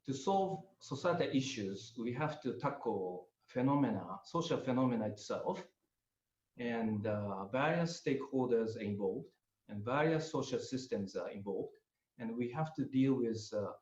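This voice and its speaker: An older man with a Japanese accent, speaking English as a second language, delivers a webinar presentation as a guest lecturer. His mid-range voice has a darkish tone, and he sounds hesitant, with many pauses and fillers. The audio is roomy and slightly muffled.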